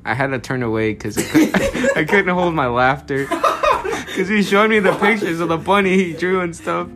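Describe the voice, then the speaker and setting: A man's voice: high voice, huge pitch swings, normal speed, loud music behind the voice. Amused man chuckling through a side story. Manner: amused, laughing while telling. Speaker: friend on a podcast. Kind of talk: casual storytelling chat.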